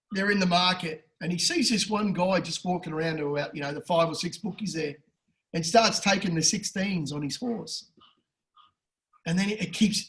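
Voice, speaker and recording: An Australian man co-hosting a casual betting podcast, telling a yarn with lots of swearing and acting out the people in it. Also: low-quality recording. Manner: animated, swears freely, acts out characters with big pitch jumps. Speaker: podcast co-host. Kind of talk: casual storytelling chat.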